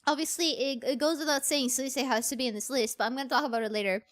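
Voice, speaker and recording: A woman VTuber streamer chatting casually on a livestream, excitable and gushing, often repeating herself. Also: high-pitched, fast.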